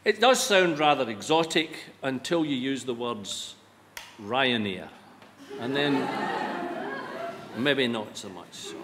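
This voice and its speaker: A man's voice: mid-range voice, animated, takes it slowly, pauses often, a bit bright, a faint crowd. Scottish male after-dinner humorist, wry and self-mocking, recorded in a reverberant hall with faint background noise. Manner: self-deprecating, wry storytelling. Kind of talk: humorous speech to a live audience. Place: large event hall before an audience.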